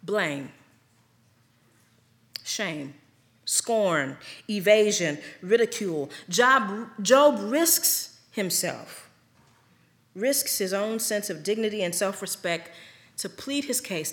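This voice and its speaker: A woman preaching a sermon, slow and deliberate, with dramatic pauses between phrases. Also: medium pitch, a bit bright. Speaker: pastor.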